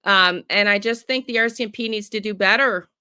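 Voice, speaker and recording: A woman's voice: medium pitch, brisk, pushed and bright, smooth, dry recording, studio quality. A middle-aged woman ranting with heavy profanity while chatting with viewers on her livestream. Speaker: true crime tarot livestreamer. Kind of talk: casual livestream talk with chat.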